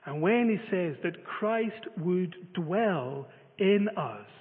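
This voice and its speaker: A man's voice: high voice, lively intonation, takes it slowly. A man preaching a sermon, telling a story with many filler uhs. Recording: phone-like reverberant sound.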